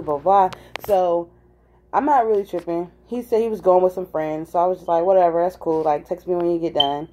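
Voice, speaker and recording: A young adult woman casually telling a personal story, acting out the people in it with lots of "like" fillers. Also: on the low side. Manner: animated, acts out quoted voices, many "like" fillers.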